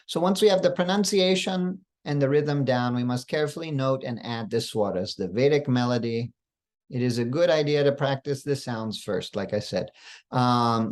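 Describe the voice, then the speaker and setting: A man, a spiritual teacher, giving a slow, careful instructional talk with occasional fillers and throat clearing. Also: mid-range voice. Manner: slow, careful, deliberate explanation.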